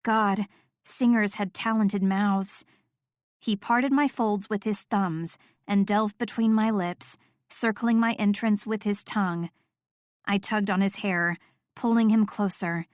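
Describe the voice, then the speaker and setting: A woman with a mid-range voice reads first-person audiobook narration. Her delivery is steady and intimate. The sound is dry and close to the mic. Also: medium pitch, slow pace, no echo.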